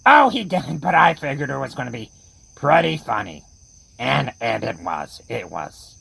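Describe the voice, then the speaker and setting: A woman as the horror host of a comedy radio play, joking in a breezy, deadpan way. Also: very deep voice, moderate pace, gravelly, breathy edge, dry recording, low-quality recording.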